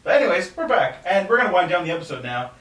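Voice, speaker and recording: Upbeat host guy, kinda high voice, echoey room, mic far off. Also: sing-song, very fast, a bit bright. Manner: upbeat, jokey, steering the talk. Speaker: podcast host. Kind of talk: casual podcast hosting. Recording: roomy, distant mic, faint noise.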